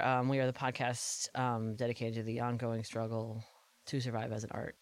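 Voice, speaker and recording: A woman's voice: rumbling low, flat delivery, moderate pace, over music. A woman co-hosting a podcast in casual chat, laughing often and packing her talk with filler words and swearing. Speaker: podcast co-host.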